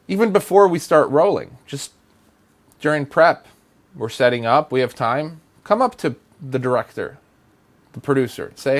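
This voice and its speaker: A man's voice: medium pitch, big pitch swings, normal speed, a bit bright. A man giving acting advice in a blunt, exasperated rant, hammering points with repetition. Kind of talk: direct-to-camera advice rant.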